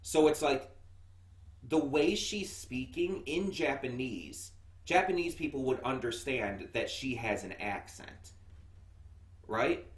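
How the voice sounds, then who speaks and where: A man's voice: medium pitch, lively intonation, slow pace. An American man giving a casual anime review, chatty and rambling with lots of fillers and restarts. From United States. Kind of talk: casual first-impressions review. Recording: echoey room, mic set far off.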